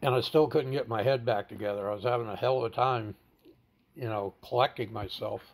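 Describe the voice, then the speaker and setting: Gravelly plain-spoken man telling his story. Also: medium pitch, fairly quick. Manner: stammers and repeats words while recounting; plain-spoken, blunt, swears casually. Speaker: interviewee. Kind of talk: candid personal storytelling.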